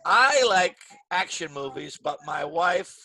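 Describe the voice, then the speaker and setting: A man's voice: a little high, lively intonation, slow pace, pushed and bright. A middle-aged man teaching an online English grammar class over a video call, checking in with the students often. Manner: patient, checks in with "right?" often.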